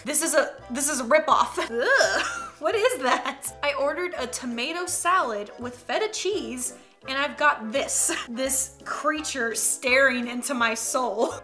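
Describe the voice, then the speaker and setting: A woman's voice: sits high, bright, forceful tone. A woman hosting a casual reaction video, laughing often between lines and reacting with exaggerated disgust. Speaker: YouTube host.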